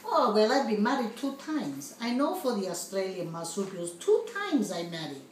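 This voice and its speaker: In a comedy sketch, a woman with a mid-range voice speaks at normal speed, lightly acted, playing a flustered migrant at an immigration interview. Her broken English is full of malapropisms, and she's excitable and giggly; the recording has roomy echo, a distant mic, and faint noise.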